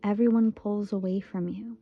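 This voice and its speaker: A woman's voice: mid-range voice, fairly even intonation, normal speed, lo-fi sound. A woman in her twenties from Michigan, giving a casual, earnest tarot reading and repeating phrases for emphasis. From Michigan, USA. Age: 20s. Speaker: tarot reader.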